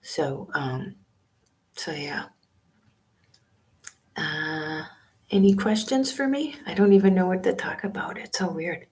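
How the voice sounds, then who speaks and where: A woman in her fifties with a low voice talks to viewers in a hushed, half-whispered way, full of fillers and small pauses. She is in a small library study room, picked up by a laptop's built-in microphone. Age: 50s. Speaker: van-life vlogger hosting a live stream. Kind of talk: casual live-stream chat with viewers. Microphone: laptop webcam and built-in mic.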